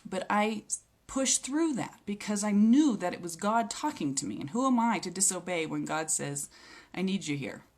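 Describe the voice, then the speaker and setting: A woman's voice: medium pitch, expressive, normal speed, a little mellow. A woman giving a personal faith testimony, earnest and reflective, with small hesitations as she tells what happened. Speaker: speaker sharing a healing testimony.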